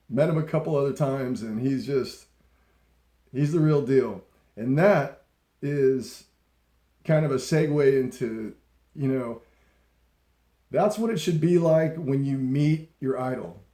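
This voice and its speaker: A middle-aged man hosts his own talk show and tells stories in a loose, laid-back way, swearing freely and laughing often. His voice is warm and mellow. The recording has the roomy echo of an untreated room. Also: mid-range voice. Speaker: podcast host. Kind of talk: casual storytelling.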